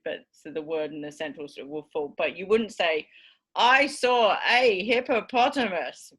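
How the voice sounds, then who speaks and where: A woman lecturer teaching a class, explaining clearly and demonstrating stress patterns aloud. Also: deep voice, fairly bright tone. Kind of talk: recorded university lecture.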